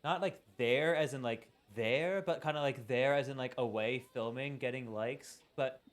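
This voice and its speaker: A man's voice: mid-range voice, moderate pace, lightly acted. A man voicing a vain, catty teenage girl influencer in a tabletop role-play, gushing and slangy with dismissive sighs. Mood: gossipy.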